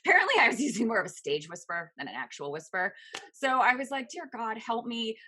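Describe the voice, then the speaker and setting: A woman in her thirties, co-hosting a podcast in casual chat, telling animated stories with frequent laughs. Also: medium pitch, fast talker, slight background noise. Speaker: podcast co-host.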